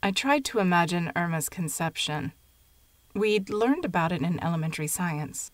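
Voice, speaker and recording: A woman narrating a short story in a measured, even storytelling manner. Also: fairly low pitch, dry recording.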